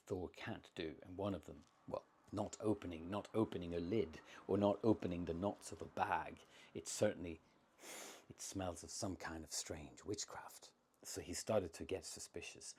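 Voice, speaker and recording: A man telling an old myth aloud, unscripted, dropping to a hush at tense moments. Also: low voice, slightly rough. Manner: unscripted, drops to a hushed tone for tension. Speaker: storyteller. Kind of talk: oral myth storytelling.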